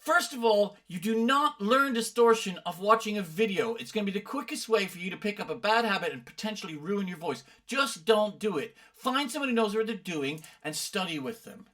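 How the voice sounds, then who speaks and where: A man's voice: high-pitched, animated, a little fast, few pauses, fairly bright tone. A middle-aged man from the UK, a vocal coach commenting on other coaches' videos with emphatic, exasperated explanations. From United Kingdom.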